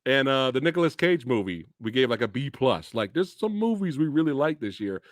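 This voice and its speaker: A man's voice: medium pitch, very animated, a little fast, no echo, studio quality. A man hosting a casual movie review stream. He rants with a lot of swearing and laughs often. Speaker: host of a movie review channel.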